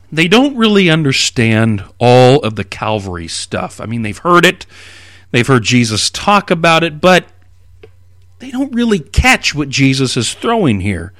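A man preaching an expository sermon, reading scripture aloud and explaining it with animated emphasis. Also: mid-range voice, dry recording, studio quality.

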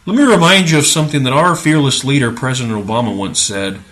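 A male podcast host delivering religious commentary with a bright, forceful voice. He talks in a sarcastic, preachy way and leans hard on his points with indignant emphasis. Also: medium pitch, fast.

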